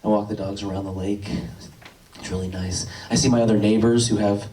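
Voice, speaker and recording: A man's voice: on the low side, fairly even intonation, fairly quick, dark tone, echoey room, far from the mic. A man doing a stand-up comedy set, rambling and dry, with lots of stammered restarts. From Worcester, USA. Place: comedy club stage.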